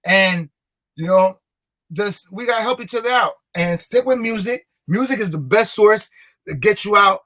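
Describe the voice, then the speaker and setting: Young rapper guest, high bright voice, repeats himself for emphasis. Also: male voice, normal speed. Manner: emphatic, repetitive, motivational. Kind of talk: casual interview talk.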